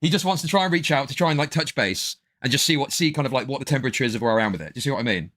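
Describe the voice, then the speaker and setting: A man's voice: medium pitch, rapid-fire, fairly bright tone. A man doing casual stream commentary, rambling and hedging, peppered with "bro" and "dude".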